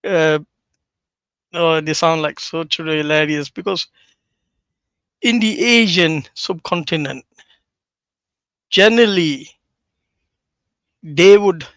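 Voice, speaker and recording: A man hosts a casual livestream and mocks what he watches in blunt, profane terms. His voice sits a little high for a man. The sound is dry and close. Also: fairly bright tone, clear, resonant tone, dry recording. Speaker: livestream host.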